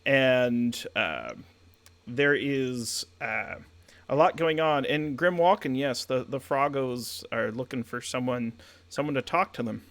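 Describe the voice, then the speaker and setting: A man's voice: medium pitch, slow pace, fairly bright tone, dry recording. A man running a tabletop game as game master, rambling through descriptions with fillers and jokey asides.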